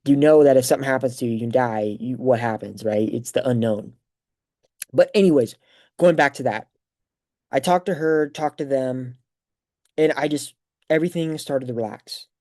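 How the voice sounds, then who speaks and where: Young man with a mellow voice. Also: medium pitch, moderate pace, pauses often. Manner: rambling, filler-heavy, animated retelling. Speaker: podcast host. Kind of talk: casual personal storytelling.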